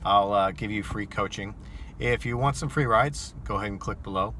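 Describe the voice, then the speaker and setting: Bright-voiced man telling a rideshare story. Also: lowish voice, moderate pace, slight background noise. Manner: animated, incredulous retelling. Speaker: rideshare driver. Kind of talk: casual storytelling vlog.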